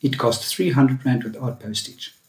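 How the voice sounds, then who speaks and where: A man's voice: mid-range voice, normal speed, darkish tone, echoey room. A man hosting a podcast, reading his intro and then chatting playfully with his guest. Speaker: podcast host. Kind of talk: podcast intro and casual interview.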